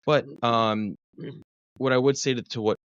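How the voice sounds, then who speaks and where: A man's voice: mid-range voice, fairly even intonation, a little slow, clear, resonant tone, no room sound, lo-fi sound. A man, a clinician who works with first responders, telling a long personal story in casual podcast chat, swearing freely and correcting himself as he goes. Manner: profane, rambling, self-correcting storyteller. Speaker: guest, mental health clinician for first responders.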